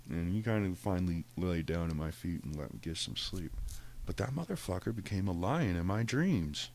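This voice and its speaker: A podcast host telling a casual, profane story, animated and laughing often. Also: male voice, sits low, normal speed, slight background noise.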